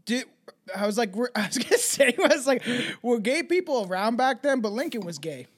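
A man's voice: very high voice, very animated, brisk. A young man co-hosting a podcast, chatting loosely and rambling, with plenty of swearing. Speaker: podcast co-host. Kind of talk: casual podcast chat.

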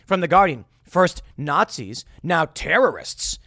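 A man giving sarcastic political commentary, mocking and animated, who jumps between loud outbursts and quiet asides. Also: on the high side, a little slow, no echo, clean studio sound.

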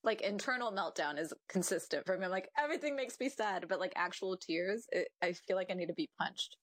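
A woman's voice: fairly low pitch, a little fast, no echo, clean studio sound. A young woman chatting as a podcast guest, telling stories with frequent laughter and acting out her own thoughts. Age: young adult. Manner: animated storyteller who laughs often and acts out her own thoughts. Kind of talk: casual conversational interview.

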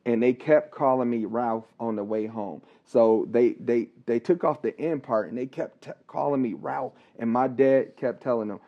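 A man, a licensed counselor, telling a personal story on a podcast, talking haltingly with pauses, restarts and repeated words. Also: mid-range voice, steady tone. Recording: dull, slightly lo-fi recording.

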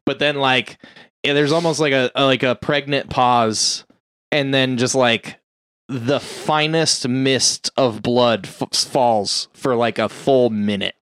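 A man casually recapping a movie plot on a podcast, acting out the characters' lines in quick bursts. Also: mid-range voice, fairly even intonation, a bit bright, clean tone, no echo, clean studio sound. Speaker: podcast co-host.

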